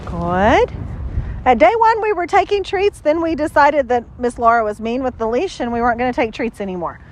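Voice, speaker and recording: A woman's voice: high-pitched, lively intonation, a little fast, slight background noise. A woman dog trainer recorded outdoors, talking casually through a training session and giving a dog lots of upbeat praise. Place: outdoors, cold and windy.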